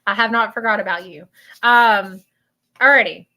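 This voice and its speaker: A woman with a Southern US accent hosting a live stream of spiritual readings, talking in an emotional, halting way that repeats itself. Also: medium pitch, pushed and bright. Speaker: host doing spiritual readings. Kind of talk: live-stream chat with viewers.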